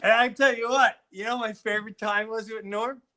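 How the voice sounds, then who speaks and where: A middle-aged man from Long Island, a comedian telling lively stories in a casual chat and swearing freely. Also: high-pitched, fairly quick. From Long Island, New York. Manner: animated, heavy swearing, restarts. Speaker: comedian guest.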